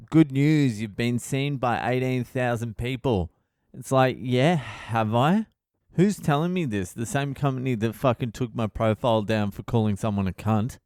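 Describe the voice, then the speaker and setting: A man's voice: mid-range voice, a little mellow, smooth, no echo, clean studio sound. Profane ranting Australian man. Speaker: comedian and podcast host. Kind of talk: casual podcast monologue.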